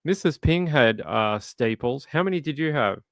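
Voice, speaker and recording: A man's voice: mid-range voice, animated, moderate pace, gravelly, fairly bright tone, no room sound, clean studio sound. A man hosting a true crime livestream, chatting casually and reading viewer comments aloud with sympathy. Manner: conversational, sympathetic, reads chat aloud.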